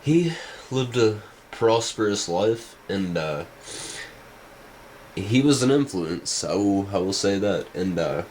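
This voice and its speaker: Casting: low-pitched man, slow drawling vlog ramble, faint background hiss. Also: expressive, darkish tone, low-quality recording. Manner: hesitant, many fillers and restarts. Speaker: vlogger. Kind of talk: casual rambling commentary.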